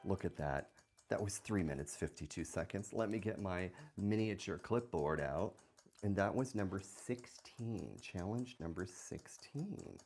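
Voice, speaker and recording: A woman's voice: rumbling low, animated, a little slow, darkish tone, soft background music. A woman hosting a puzzle livestream, chatting casually and playfully, joking at her own expense and reading the chat aloud. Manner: playful, self-mocking, reads chat aloud.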